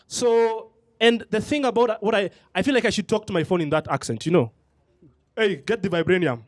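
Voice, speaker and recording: A man's voice: high voice, lively intonation, a little fast, a little mellow, no echo. A man doing a stand-up comedy set on a comedy club stage, mocking and playful. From Kenya. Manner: mocking, slips into put-on accents.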